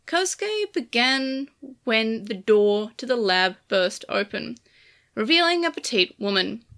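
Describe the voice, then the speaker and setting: A woman narrating a game's story chapter aloud in a steady, measured reading. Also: on the high side.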